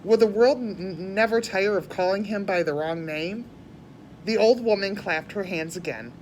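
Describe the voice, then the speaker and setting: A woman reading a storybook aloud chapter by chapter, plain and unhurried with small slips and restarts. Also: mid-range voice, slight background noise. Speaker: reader.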